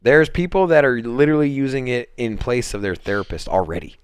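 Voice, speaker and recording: A man's voice: medium pitch, lively intonation, brisk, clean tone, no echo. A man hosting a casual crypto livestream, rambling along with lots of fillers and restarts. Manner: rambling, laid-back, many fillers and restarts. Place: home, on a Sunday livestream.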